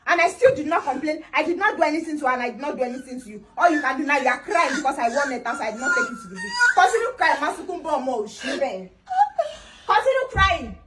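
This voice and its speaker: A very high, bright, quick voice, a woman acting as a scornful Nigerian wife who scolds and mocks her husband. Her lines race and leap with lively pitch, sharp and cutting, in a comedy skit. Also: very noisy. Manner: fast, mocking, scolding.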